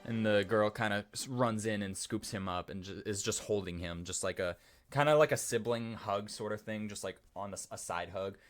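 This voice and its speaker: A man's voice: fairly low pitch, normal speed. A man narrating a tabletop game as dungeon master, rambling loosely and making sound effects.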